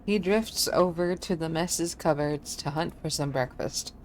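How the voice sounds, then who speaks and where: Low-voiced woman streaming a game. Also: measured pace, few pauses. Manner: casual, self-deprecating, laughs often. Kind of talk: playing a game and reading its text aloud.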